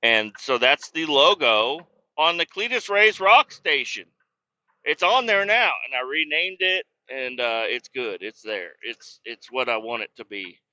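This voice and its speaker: A man's voice: mid-range voice, expressive, unhurried, pushed and bright, dry recording. A man hosting a podcast, telling a casual, profane, rambling story in a worked-up way. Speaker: podcast host. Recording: dull lo-fi recording.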